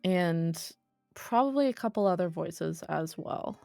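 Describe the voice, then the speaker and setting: Casual, low-voiced woman game master. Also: lively intonation, a little slow, vocal fry, dark tone, no room sound, soft background music. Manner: casual, swears, laughs. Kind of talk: narrating a tabletop role-play.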